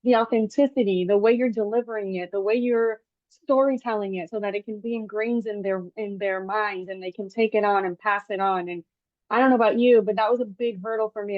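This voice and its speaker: A woman hosting a podcast, chatting casually and telling lively stories with animated quoted asides. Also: medium pitch, dry recording. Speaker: podcast host. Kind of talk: casual interview chat. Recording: dull, dry lo-fi podcast audio.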